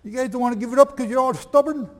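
A man teaching a lively sermon, reading aloud from old texts and firing questions at his audience. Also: very high-pitched, very fast, big-room sound. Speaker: preacher.

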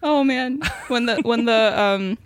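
A woman co-hosting a podcast, chatting casually as an animated storyteller who laughs often. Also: a little high, a little slow, no echo, clean studio sound. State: recovering from a face injury. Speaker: podcast co-host. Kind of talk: casual chat.

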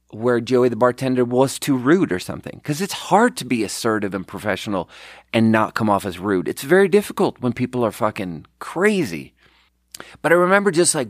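A man's voice: mid-range voice, dry recording, clean studio sound. Rambling, profane man telling a story. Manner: rambling, profane, with restarts and quoted dialogue. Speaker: podcast host, restaurant manager. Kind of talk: casual storytelling chat.

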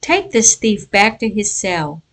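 A woman's voice: mid-range voice, big pitch swings, a little slow, fairly bright tone. A woman voicing a proud, stern king of an old folk tale, speaking in commanding proclamations.

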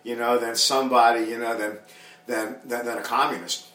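A man's voice: medium pitch, flat delivery, brisk, sharp tone, recorded from a distance, a little hiss or hum. A man guest on a casual podcast, talking bluntly and often repeating and restarting his words. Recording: echoey room, voice away from mic.

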